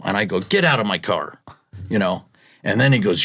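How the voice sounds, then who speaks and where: Low-voiced chatty man. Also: lively intonation, normal speed, a bit bright, slightly rough, dry recording. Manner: chatty, laughs often, acts out quotes. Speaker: podcast guest, rideshare driver. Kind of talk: casual storytelling.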